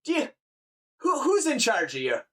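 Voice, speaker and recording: Loud farmer, gruff and scolding. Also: male voice, very high-pitched, wildly swooping pitch, normal speed, voice pushed up, full character voice. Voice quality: loud, barking. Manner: scolding, blunt. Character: gruff red-bearded male farmer, scolding and nosy.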